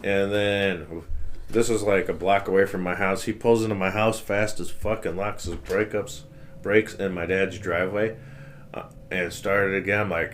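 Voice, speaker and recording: Deep-voiced man telling a profane story. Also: fairly even intonation, moderate pace. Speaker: podcast co-host. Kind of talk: casual storytelling chat.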